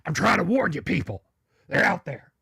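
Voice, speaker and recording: A man voicing a loud, paranoid middle-aged male conspiracy radio ranter who makes urgent warnings. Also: high-pitched, sing-song, normal speed, creaky, breathy edge, dry recording, studio quality, pitched above the performer's own voice, full character voice. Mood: ranting.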